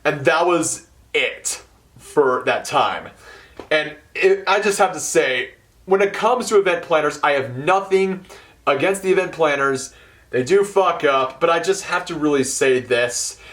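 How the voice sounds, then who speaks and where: A young man talks straight to camera in a casual rant about his workplace. His voice sits a little high for a man. He swears freely, mutters under his breath, then suddenly shouts in frustration. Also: animated, measured pace. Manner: storytelling with swearing, swings between mumbled asides and loud outbursts. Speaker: hotel event setup worker. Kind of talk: casual ranting vlog.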